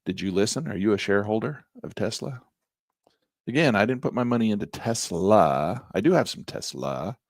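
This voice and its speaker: A man teaching trading as he walks through a chart, in a folksy, animated way with slangy asides. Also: fairly low pitch, normal speed, vocal fry, no echo, studio quality. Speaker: trading instructor. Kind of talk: chart-walkthrough lesson.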